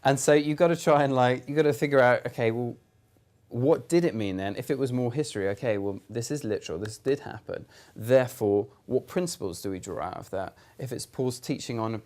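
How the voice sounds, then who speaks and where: A man's voice: medium pitch, fairly quick, darkish tone. A young man with a British accent, explaining ideas in an earnest, conversational way, with fillers and restarts. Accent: British English. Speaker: youth church speaker. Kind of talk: casual explanatory talk to camera.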